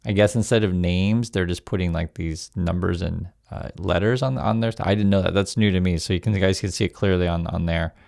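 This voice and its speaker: A man's voice: deep voice, steady tone, brisk, creaky, few pauses, a little mellow. A man hosting a casual news commentary channel, talking conversationally to his viewers with frequent fillers.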